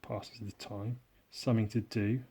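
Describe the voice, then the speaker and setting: A man with an English accent, hosting a drawing podcast in casual, rambling chat, sarcastic and self-mocking, often trailing off quietly. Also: fairly low pitch, level tone, unhurried, husky.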